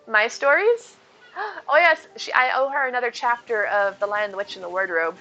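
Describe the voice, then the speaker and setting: A woman's voice: fairly high pitch, quick pace, dull audio, faint music behind. An adult woman streaming a game, chatting casually and answering viewers. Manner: chatty, reads chat aloud, lively. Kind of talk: casual chat while gaming.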